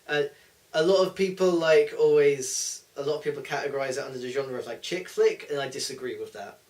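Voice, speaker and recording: Teasing young man, slightly high voice. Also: a little fast, darkish tone. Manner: teasing, laughs often. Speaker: co-host. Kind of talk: casual film chat. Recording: voice a bit far from the mic.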